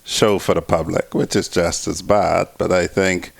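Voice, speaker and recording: A man, a talk show guest, speaking in a measured, lawyerly way. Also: deep voice, little pitch movement, gravelly, dry recording. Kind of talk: political talk show discussion.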